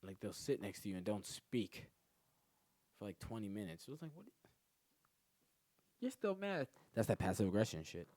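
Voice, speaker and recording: Lively low-voiced male comic riffing solo, swears a lot, dry close sound. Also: a little fast, no echo. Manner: profane, animated storytelling that jumps in pitch. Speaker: comedian podcast host. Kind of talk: rambling solo comedy monologue.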